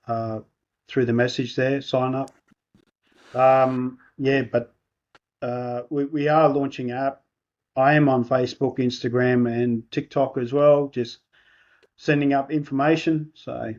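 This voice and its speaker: A softly spoken man with an Australian accent, a guest on a podcast, talking hesitantly with many pauses and restarts. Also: medium pitch, highs cut off. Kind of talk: casual interview chat.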